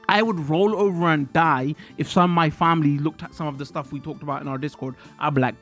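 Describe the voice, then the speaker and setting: Brief: male streamer, high voice, sweary animated rant, faint music behind. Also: quick pace, few pauses. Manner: animated, swearing, ranting to chat. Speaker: livestreamer. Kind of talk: casual livestream chat. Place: hot indoor room with a fan.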